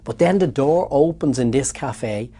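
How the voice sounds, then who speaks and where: An Irish man telling his story in an interview, animated and repeating words when excited. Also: mid-range voice, unhurried. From Ireland. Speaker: interview guest.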